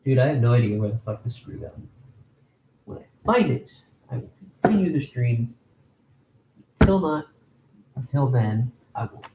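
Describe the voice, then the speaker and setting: A man's voice: mid-range voice, lively intonation, moderate pace, pauses often, dull audio, background noise. A man streaming as a hobby watchmaker, chatting casually and joking profanely while he works. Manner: profane, joking, talks to himself. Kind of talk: casual live-stream commentary while working.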